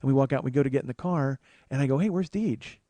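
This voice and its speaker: A man's voice: mid-range voice, little pitch movement, very fast, dark tone, no room sound. A man in his forties hosting a comedy podcast, telling a rambling, profane story that bursts into rants. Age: 40s. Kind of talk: storytelling monologue.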